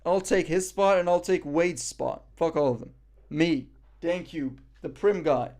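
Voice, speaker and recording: Speaking a little slowly in a slightly high, darkish voice, a young man from Morocco goes through his live stream chat. His banter is joking and self-mocking.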